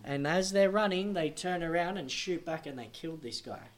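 A high-pitched male missionary preacher delivering a sermon. He tells his story dramatically, rising to loud, pressing emphasis and then dropping to near-hushed tones. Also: moderate pace.

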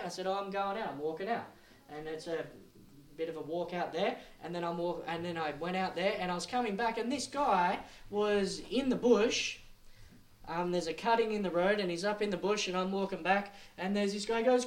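A man preaching a sermon, telling a story and then building to emphatic, repeated warnings. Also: sits high.

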